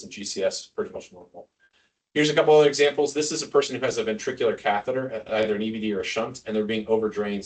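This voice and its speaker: A lower-voiced man lectures ICU staff in a relaxed, joking way, firing quiz questions at the room. His voice is picked up from a distance in a hospital teaching room, so it sounds a little removed. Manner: informal, joking, quizzes the audience.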